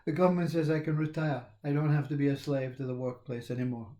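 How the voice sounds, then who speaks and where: A man, talking in a rambling, reflective monologue, laughing often and halting with fillers. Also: mid-range voice, little pitch movement, dark tone. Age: 60s.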